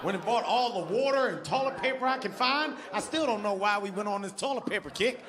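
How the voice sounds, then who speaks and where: A man performing a stand-up comedy set, loud and animated, shouting his punchlines. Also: high-pitched, a little fast, very noisy.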